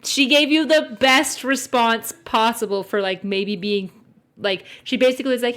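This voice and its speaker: A woman hosting a casual group chat, reacting with animated, profane commentary. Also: fairly high pitch, moderate pace. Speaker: host.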